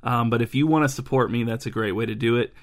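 A man's voice: mid-range voice, fast. Man with a stuffy head cold. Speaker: podcast host and storyteller. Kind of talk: bedtime story narration.

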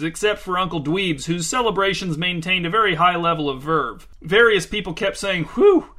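A man's voice: on the high side, bright, forceful tone. A man reading a story aloud in a dry, wry narration. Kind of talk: scripted narration.

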